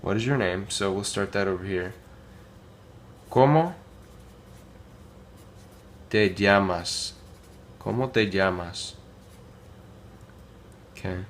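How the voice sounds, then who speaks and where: Relaxed low-voiced man teaching Spanish. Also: slight background noise. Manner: relaxed, many ums, models phrases slowly. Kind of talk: casual spoken lesson.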